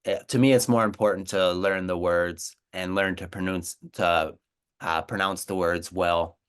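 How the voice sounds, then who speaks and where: An American man talks in an earnest, encouraging way, often repeating a word to drive his point home. His voice is low and smooth. He sounds like a teacher giving advice in a casual conversation. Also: steady tone, a little slow. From United States. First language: English. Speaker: co-host, language teacher.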